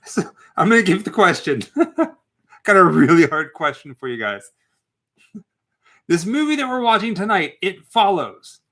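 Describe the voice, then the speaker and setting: A man with a bright, lively voice co-hosts a casual live stream. He rambles through stories and teases viewers with trivia questions, and his pitch moves around a lot. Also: moderate pace, long pauses. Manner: rambling storyteller, laughs often, teasing. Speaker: co-host and trivia quizmaster.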